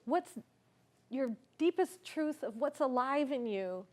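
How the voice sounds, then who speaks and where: A woman's voice: high voice, animated, slow pace. A woman speaking at a conference, telling a personal story in an earnest, reflective way and asking the audience questions. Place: conference stage.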